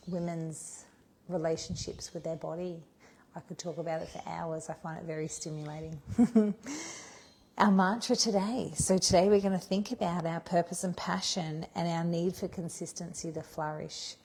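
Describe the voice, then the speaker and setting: A middle-aged woman coach, chatty and self-mocking, talking through purpose prompts and then gently guiding a yoga class. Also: lowish voice, steady tone, moderate pace, creaky, breathy edge. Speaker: yoga and body confidence coach. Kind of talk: talk and guided yoga class.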